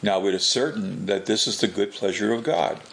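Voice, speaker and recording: A man giving a spoken religious teaching in an unhurried way, often restarting and repeating his words. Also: fairly low pitch, fairly bright tone, a little hiss or hum. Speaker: Catholic preacher.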